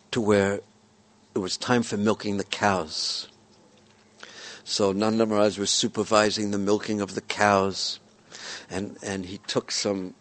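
A man telling a devotional story in a gentle, repetitive storytelling manner. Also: fairly low pitch.

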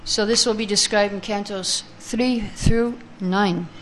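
A woman's voice: mid-range voice, steady tone, a bit bright, a little hiss or hum. Woman teaching a scripture class. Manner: chants Sanskrit verses slowly, then reads translations and explains; takes answers from the class. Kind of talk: scripture class, reading verses and explaining.

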